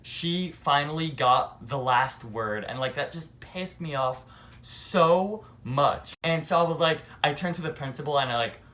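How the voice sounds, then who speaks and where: A young man telling a casual storytime, animated and filled with "like" between phrases. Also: a little high, a little slow. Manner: animated, heavy use of "like". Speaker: vlogger.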